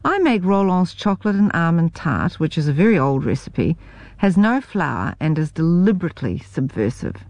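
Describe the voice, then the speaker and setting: A New woman reads her memoir aloud with wry humour. Her voice sits low but swings widely through each sentence. The sound is close and dry, with no room around it. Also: normal speed, dry recording. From New Zealand. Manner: wry, expressive storytelling. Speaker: memoir narrator.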